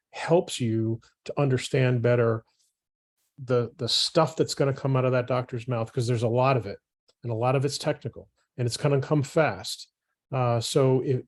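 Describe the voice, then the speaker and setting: A man on a patient panel offering thoughtful advice, with a few false starts as he collects his thoughts. His pitch sits in the middle. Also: darkish tone. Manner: thoughtful, advising. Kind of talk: panel discussion.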